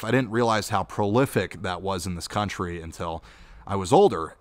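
A young man hosts a casual viewer Q&A in a lowish, steady voice. He tells stories in a chatty way and gets animated when he retells them. The sound is dry and close, with no room echo. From Utah. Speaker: YouTube channel host. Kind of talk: casual Q&A monologue.

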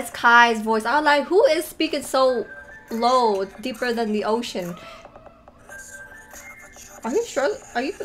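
Young woman, casual reaction commentary, animated and exclamatory, higher voice, soft music underneath. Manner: animated, exclaiming and laughing at what she watches. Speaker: video reaction host. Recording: music playing behind her voice. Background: faint music.

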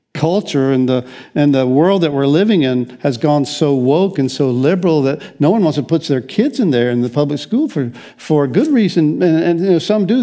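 A middle-aged man from the United States preaching in a loose, conversational way, stumbling over words and circling back. His voice sits a little high for a man but sounds mellow and warm. He talks like a pastor chatting with his congregation. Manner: rambling, conversational, frequent restarts. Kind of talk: sermon.

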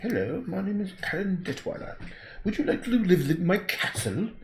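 Brief: man mimicking a posh old eccentric gent, higher pitched, grandly inviting, roomy echo. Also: sing-song, moderate pace, a little hiss or hum. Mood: mock-posh.

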